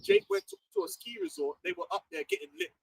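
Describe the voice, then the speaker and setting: Preacher, male, animated chat host; very high, lively pitch. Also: fast, creaky, poor audio. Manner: animated, laughing, repeats words. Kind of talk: casual livestream chat.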